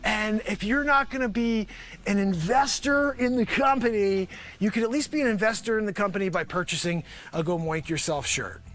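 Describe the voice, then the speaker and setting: A man hosting his own show, rambling through a sarcastic, excitable comic sales pitch. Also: normal speed. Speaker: host. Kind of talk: comedic improvised pitch.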